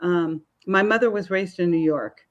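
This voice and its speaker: A woman's voice: lowish voice, normal speed, dull audio. Chatty, storytelling woman in her fifties. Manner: chatty storyteller, laughs often. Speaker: author guest. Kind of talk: casual podcast conversation.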